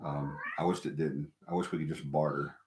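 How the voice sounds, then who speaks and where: A man's voice: extremely low pitch, little pitch movement, brisk, background noise. A middle-aged man hosting a casual live stream, talking to viewers in a rambling, emphatic way and repeating himself. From American South. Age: middle-aged or older. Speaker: host of a paranormal live stream. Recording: echoey room.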